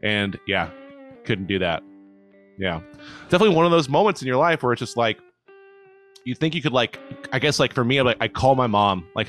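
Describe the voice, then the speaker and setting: A man tells a long story in a loose, rambling way, full of "like" and swearing. His voice sits at an ordinary pitch. Faint music plays behind him. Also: lively intonation, brisk, fairly bright tone. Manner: rambling, heavy swearing, many fillers. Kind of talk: casual storytelling chat.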